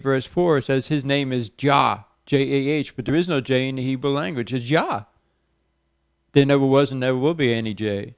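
A man preaching on the radio, reading scripture with raised emphasis and praying softly. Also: mid-range voice, vocal fry, smooth, no room sound, studio quality. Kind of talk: sermon with Bible reading and prayer.

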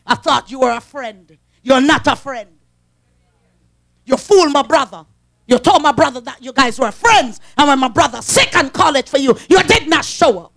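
A woman's voice: high voice, animated, normal speed, creaky, a bit bright, heavily acted. A woman acting out Mary as an indignant, grieving woman who scolds and sulks.

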